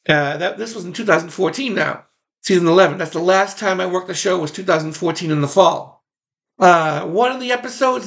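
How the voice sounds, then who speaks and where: A man's voice: sits high, gravelly, fairly bright tone. A man who once worked as a background extra, casually recalling it in a rambling way and repeating phrases for emphasis. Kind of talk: casual personal reminiscence.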